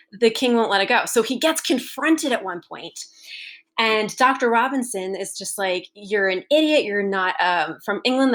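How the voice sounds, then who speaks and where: A woman's voice: on the high side, fairly bright tone. A woman teacher talking through a novel in a recorded class lesson, chatty and conversational, with frequent asides. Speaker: English teacher.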